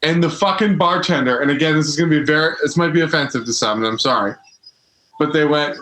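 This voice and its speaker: A man's voice: a little high, fast talker, pushed and bright. A man co-hosting a casual watch-along chat, telling stories animatedly and swearing freely. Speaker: podcast co-host. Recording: echoey room.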